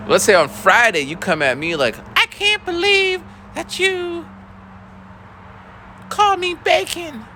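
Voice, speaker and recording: A man's voice: mid-range voice, sharp tone, a little hiss or hum, poor audio. A young male schoolteacher telling a story in a laid-back, rambling way, full of fillers. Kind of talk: casual storytelling vlog.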